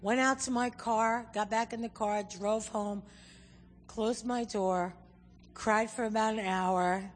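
A woman's voice: a little high, slow, slight background noise. An American woman speaking as a missionary at a church, joking and talking straight to the congregation while teaching a few words. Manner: animated, joking, addresses the audience directly. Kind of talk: humorous church talk with a language lesson. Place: church hall. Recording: reverberant hall with faint music.

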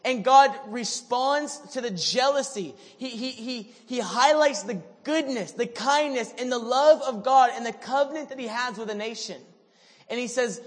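A male pastor preaching a sermon with animated, dramatic storytelling. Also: extremely high pitch, moderate pace. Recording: reverberant hall.

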